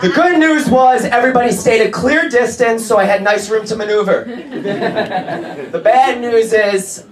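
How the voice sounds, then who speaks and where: Brash, profane stand-up comic in a club. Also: male voice, very high voice, unhurried. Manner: brash, profane, punchy delivery. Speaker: stand-up comedian. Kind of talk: stand-up comedy set. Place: comedy club stage. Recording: echoey comedy club with laughing crowd.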